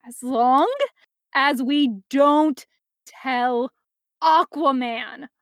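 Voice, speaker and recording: Woman reading as a tired young male leader, firm, slow, dry close sound. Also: extremely high pitch, little pitch movement, dry recording. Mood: weary. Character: calm young male sea-hero leader, weary.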